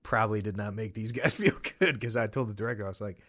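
A man's voice: on the low side, fast, a bit bright. A man chatting as a podcast guest, chatty and laughing often, repeating himself. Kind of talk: casual chat.

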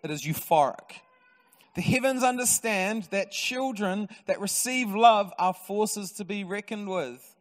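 A man preaching a sermon in a church, lively and storytelling with touches of humour. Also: high voice, measured pace. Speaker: pastor. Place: church auditorium. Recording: long reverb of a church hall.

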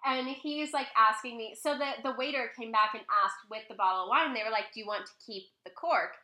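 Chatty young woman with a bright voice. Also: a little high, fairly quick, roomy sound. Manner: chatty, lots of fillers, animated quoting. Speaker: vlogger. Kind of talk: casual storytelling. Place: home. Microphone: laptop mic, close.

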